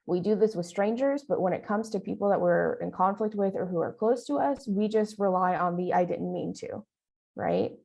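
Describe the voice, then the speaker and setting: A woman's voice: mid-range voice, brisk, creaky, hardly any pauses, darkish tone, low-quality recording. A woman leading a training session, talking in a conversational way and often checking in with "right?". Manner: talks with her arms. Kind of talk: training presentation.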